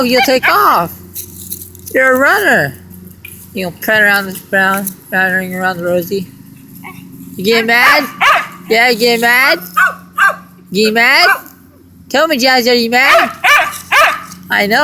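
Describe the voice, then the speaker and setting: A woman's voice: on the high side, heavy background noise. A woman talking to her pet dog, scolding and teasing it, then apologizing, in casual chat. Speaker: dog owner.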